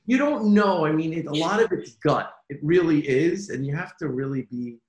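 A man with a fairly high voice tells business stories in an interview. He is animated, repeats words and laughs easily. His voice rings in an echoey room. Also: normal speed. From United States. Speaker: toy company executive. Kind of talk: conversational interview.

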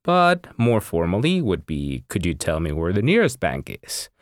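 A man's voice: low voice, huge pitch swings, normal speed, no room sound, studio quality. A man co-hosting a language podcast as the teacher, patiently explaining grammar with examples. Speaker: Spanish teacher and podcast co-host.

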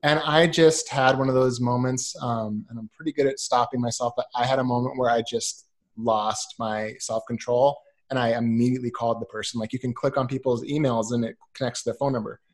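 Guy in his 30s rambling thru a story, lots of ums, does little voices for people, normal pitch. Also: brisk. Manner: animated, acts out quoted voices, many ums. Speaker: guest. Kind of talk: casual storytelling chat.

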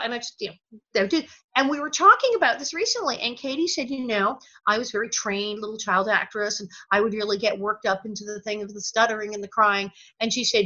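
Lively woman with a bright voice. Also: mid-range voice, fast talker, highs cut off. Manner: lively, laughs often, acts out quoted voices. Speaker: guest, former actress. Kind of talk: animated interview storytelling.

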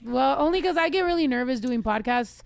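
A woman's voice: sits high, expressive, a little fast, creaky, crowd noise. A young woman hosting a podcast, joking loosely and cursing freely in casual chat. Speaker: podcast host.

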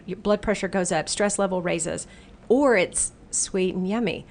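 A woman's voice: mid-range voice, a little slow, a little hiss or hum. A middle-aged woman, a guest who runs workshops, explaining in casual talk and playfully acting out voices in quotes. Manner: animated, acts out the brain's inner voice in playful quotes.

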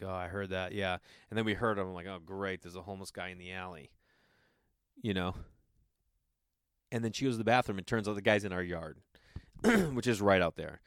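A man hosting a podcast, telling a story in a loose, profane, animated way and acting out the quotes. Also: on the low side, no room sound, clean studio sound. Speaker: podcast host. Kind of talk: casual storytelling monologue.

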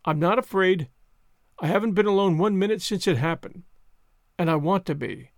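An earnest orphan girl pours out her grief in a high, heartfelt voice, read by a man. She pleads openly and softly. The sound is dry and close. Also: animated, moderate pace, dry recording.

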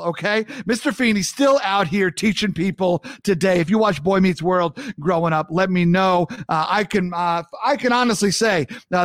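A man from New York hosts his podcast in a loose, joking monologue, often repeating his own lines. His voice sits high for a man and sounds upbeat. The recording is dry, with no room sound. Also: fairly bright tone, no room sound. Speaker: podcast host. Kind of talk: casual chat monologue.

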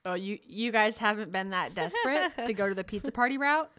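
A woman's voice: medium pitch, expressive, fairly quick, a bit bright. A woman co-hosting a teaching podcast, telling classroom stories in an earnest, heartfelt way. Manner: earnest, storytelling, emotional. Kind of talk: casual podcast chat.

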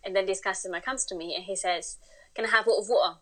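Lively Spanish-accented woman telling a story. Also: medium pitch, quick pace, poor audio. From Spain. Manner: animated, acts out quoted voices. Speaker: guest. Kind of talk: casual interview storytelling.

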